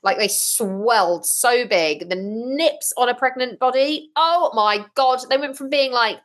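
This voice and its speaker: A woman talking as a podcast guest, telling her story frankly and with lively, blunt humour. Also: a little high, a little slow. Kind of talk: casual interview chat.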